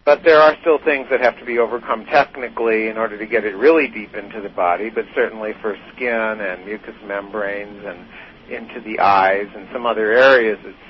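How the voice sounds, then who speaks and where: A man's voice: fairly low pitch, steady tone, fairly quick. Male doctor guest, patient explainer, muffled lo-fi sound, faint hiss behind. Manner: patient explainer, uses analogies, some fillers. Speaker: guest expert, physician researcher. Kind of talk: explanatory interview answers.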